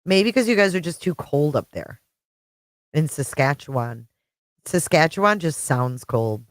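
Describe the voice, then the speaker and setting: A woman's voice: low-pitched, lively intonation, measured pace, no echo. A middle-aged woman hosting a casual livestream, chatting with viewers and greeting them by name. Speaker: livestream host. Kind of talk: casual live-chat stream.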